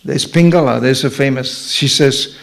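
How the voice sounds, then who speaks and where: A man's voice: mid-range voice, normal speed, vocal fry. Older man giving a joking sermon. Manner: jokey, acts out quoted voices. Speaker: spiritual teacher. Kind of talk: humorous sermon.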